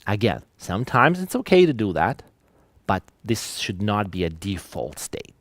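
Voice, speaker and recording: A man giving an online lecture, talking in an animated way with musing asides and reading examples aloud. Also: on the low side, moderate pace, no echo.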